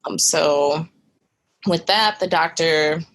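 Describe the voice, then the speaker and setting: A young woman speaks low in her range, with a gravelly edge of vocal fry. She tells a personal story as a podcast guest, candid and earnest, and fills her talk with casual asides. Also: slow, fairly bright tone. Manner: conversational, filler-heavy, earnest.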